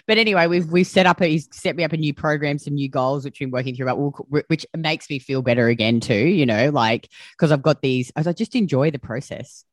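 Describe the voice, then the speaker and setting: A woman's voice: sits low, a little fast, hardly any pauses, no room sound, clean studio sound. A woman podcast host talking candidly and openly, full of fillers and casual swearing. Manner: chatty, swears freely, many "like" fillers. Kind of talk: candid conversational chat.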